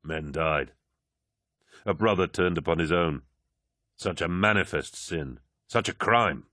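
An earnest soldier captain weighed down by shame, speaking in a subdued, heavy tone, as a male audiobook narrator puts him on. The voice is extremely deep and recorded dry and close. It stays low and sincere throughout. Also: measured pace, bright, forceful tone, dry recording. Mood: troubled. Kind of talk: audiobook character voice.

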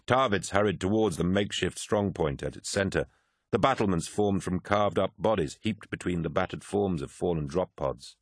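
A man narrates an audiobook in a very low, deep voice. His reading is measured and grave. The sound is dry and close to the mic, with no room around it. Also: dry recording. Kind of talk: scripted narration.

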